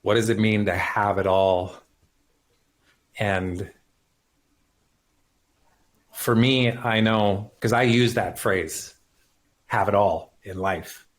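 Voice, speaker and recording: Earnest low-voiced man, emphatic. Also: fairly even intonation, takes it slowly, pauses often. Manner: earnest, emphatic, swears casually. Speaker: podcast guest. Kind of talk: emotional personal conversation.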